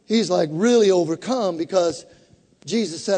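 Pastor, male, very high voice, fervent call-and-response sermon, long hall reverb. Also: normal speed, darkish tone.

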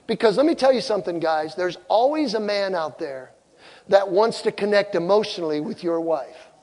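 A middle-aged male pastor delivers a sermon in a noticeably high voice. He tells personal stories with emphasis and turns to the congregation with questions. His words trail off in the long reverb of a large hall. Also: expressive, moderate pace, darkish tone. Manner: emphatic storytelling, asks the crowd questions.

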